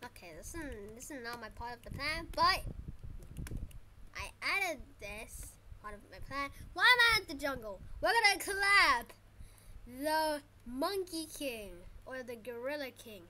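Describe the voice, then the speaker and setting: A woman giving live gameplay commentary, excitable and panicky, shouting during fights and repeating words quickly when flustered. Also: high-pitched, a little hiss or hum. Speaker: gaming channel host.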